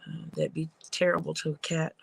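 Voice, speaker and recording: A woman's voice: low voice, fairly even intonation, fairly quick, vocal fry, slightly rough, no echo, rough recording. A woman leatherworker rambling through casual stories while she works at her craft. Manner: rambling, storytelling.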